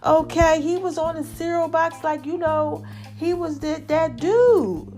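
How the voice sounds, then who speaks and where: A woman's voice: sits high, expressive, a little slow, over music. A woman hosting her own podcast in casual solo chat, laughing often and calling her listeners baby and y'all. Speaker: podcast host.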